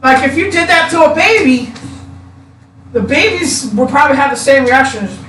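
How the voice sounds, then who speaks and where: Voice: high voice, animated, brisk, a bit bright. A speaker chatting casually, explaining things in long, rambling, swearing asides. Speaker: co-host. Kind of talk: casual chat. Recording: echoey room, far from mic, noisy.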